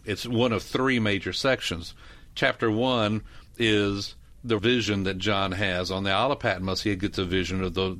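Low-voiced man outlining Bible books. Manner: relaxed, outlining and quoting verses. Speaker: radio Bible teacher. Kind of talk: conversational Bible discussion.

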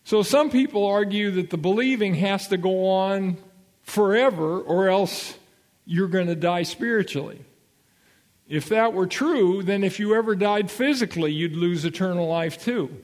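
A man's voice: high-pitched, a little slow, darkish tone. A man giving an expository Bible lesson, emphatic and checking in with his listeners, repeating his key points. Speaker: Bible teacher.

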